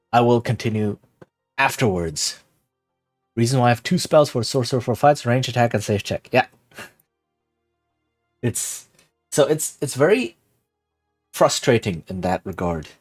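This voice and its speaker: A man's voice: mid-range voice, unhurried, pauses often, faint music behind. A man streaming live, casually explaining something and often asking "right?" as he goes. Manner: rambling, keeps asking "right?".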